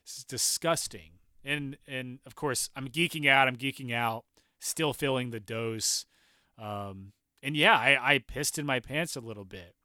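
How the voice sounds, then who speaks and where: A man's voice: medium pitch, unhurried, no echo, clean studio sound. Laughing young man telling a wild story. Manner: animated, profane, laughs through the story. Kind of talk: casual personal storytelling.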